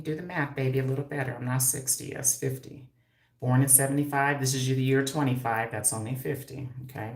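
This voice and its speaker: A woman of about fifty talks on her livestream in a low, deep voice, loud-mouthed and quick to swear or laugh. She chats casually with viewers and answers their comments. The sound is roomy and echoey, like it was recorded in a bare room at home. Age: 50s. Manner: brash and profane, laughing often. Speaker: hairstylist and livestream host.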